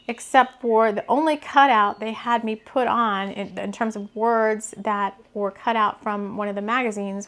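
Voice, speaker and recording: A woman with a somewhat high voice hosts a spiritual show. She rambles and gushes in loose, casual chat, giggling often as she talks into her camera. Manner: chatty, rambling, giggly and gushing. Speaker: spiritual podcast host.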